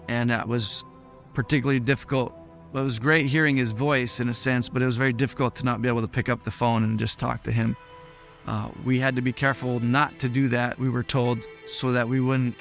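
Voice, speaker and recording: A man's voice: medium pitch, a bit bright. Reflective man in a documentary interview. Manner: reflective, plain-spoken, with some hesitations. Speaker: son of a hostage. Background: faint music.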